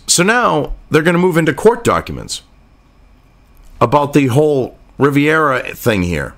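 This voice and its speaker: A man's voice: fairly high pitch, very animated, unhurried, fairly bright tone. A man ranting in political commentary, profane, sarcastic and indignant.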